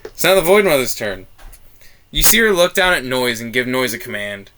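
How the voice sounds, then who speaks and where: A man runs a tabletop game, narrating the action in a bright, forward voice. He is lively and laughs now and then. A faint hiss sits under the recording. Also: medium pitch. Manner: animated, laughs while narrating. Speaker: game master.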